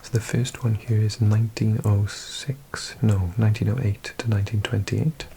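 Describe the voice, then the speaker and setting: A man with a Welsh accent, hosting an ASMR video and reading aloud in a slow, hushed mix of whisper and soft speech. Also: fairly low pitch, level tone, creaky, noisy background. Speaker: ASMR host.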